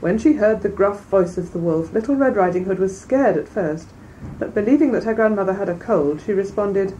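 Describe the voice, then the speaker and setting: A woman reading a classic fairy tale aloud in a measured, clear way, then commenting on it as a lecturer. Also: mid-range voice, dark tone, highs cut off. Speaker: reader and lecturer. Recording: distant mic, faint background noise.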